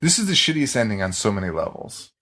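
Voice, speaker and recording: A man hosting a podcast, chatting casually about a movie, animated, laughing often and swearing freely. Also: on the low side, fast, slight background noise. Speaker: podcast host. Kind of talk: casual movie-review chat.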